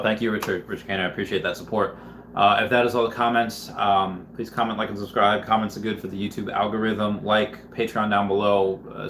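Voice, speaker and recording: A man's voice: lowish voice, fairly bright tone, slight background noise. A man casually chatting on a livestream, reading viewer comments aloud and rambling with lots of fillers. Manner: rambling, with many fillers and restarts. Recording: roomy echo.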